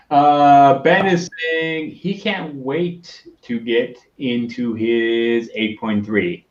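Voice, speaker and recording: A man's voice: mid-range voice, big pitch swings, very slow, roomy sound, muffled recording. A man co-hosting a casual livestream, swearing freely and apologizing often while reading out chat. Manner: profane, apologetic, reads chat aloud. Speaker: co-host on a whiskey stream.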